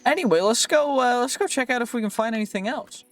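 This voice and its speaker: A man's voice: very high-pitched, fast talker, fairly bright tone, faint music behind. A man giving chatty, rambling commentary while playing a video game, joking around and restarting his sentences often. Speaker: gaming video creator. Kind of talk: casual gameplay commentary.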